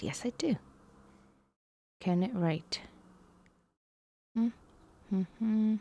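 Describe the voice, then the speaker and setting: A woman's voice: mid-range voice, drawn-out words, pauses often, warm tone. A woman live-streaming herself working through math lessons, musing aloud in a hesitant way and sometimes dropping to a whisper.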